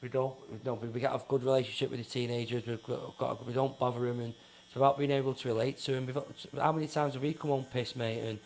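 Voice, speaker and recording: A man's voice: mid-range voice, steady tone, fast talker, vocal fry, hardly any pauses, darkish tone, slight background noise. A man, a neighbourhood patrol founder, talking bluntly and swearing in a casual interview. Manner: blunt, sweary, repeats himself, acts out quotes.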